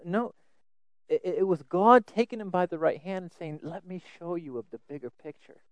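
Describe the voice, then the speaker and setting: An earnest man preaches a sermon, his voice sitting high and animated at a normal speed. He often repeats words to drive a point home, swinging from loud emphasis to soft asides. The recording is dry and the audio poor.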